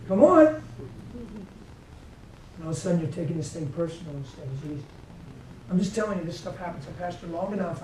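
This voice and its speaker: A man's voice: a little high, dark tone. A man preaching a conversational sermon, telling stories and acting out what people said. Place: church meeting room. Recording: echoey room from far off, faint background noise.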